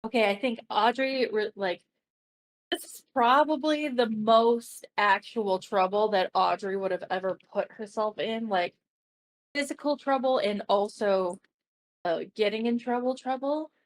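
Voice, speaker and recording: A woman's voice: fairly high pitch, unhurried. Rambling woman tabletop player. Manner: rambling, many likes. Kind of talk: casual role-play chat.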